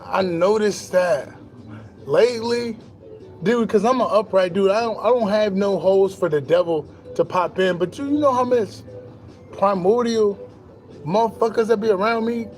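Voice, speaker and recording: A young man talking casually to camera in a boastful, animated monologue full of slang and swearing, laughing now and then. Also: high voice, normal speed, soft background music. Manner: laughs between lines. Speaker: spiritual vlogger.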